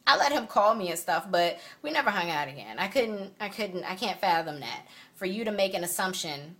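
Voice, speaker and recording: A woman's voice: lowish voice, lively intonation, brisk, fairly bright tone. Sassy woman telling a story to camera. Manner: sassy, emphatic, indignant storytelling. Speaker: vlogger. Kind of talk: casual storytelling vlog. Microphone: phone camera.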